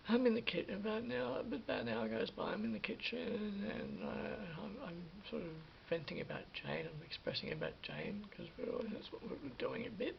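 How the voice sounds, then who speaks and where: A man casually recounting a story for a vlog, animated, restarting his sentences and acting out what people said. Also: high voice, moderate pace, vocal fry, hardly any pauses. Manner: animated retelling with acted-out quotes and many restarts. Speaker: vlogger. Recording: dull lo-fi sound with faint hiss.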